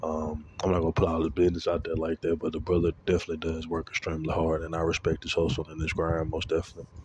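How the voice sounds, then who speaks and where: A man's voice: a bass voice, completely flat delivery, racing, darkish tone, highs cut off, a little hiss or hum. A man telling a story in a casual, rambling monologue, with lots of swearing and fillers. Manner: rambling, profane, heavy with fillers. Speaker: vlogger.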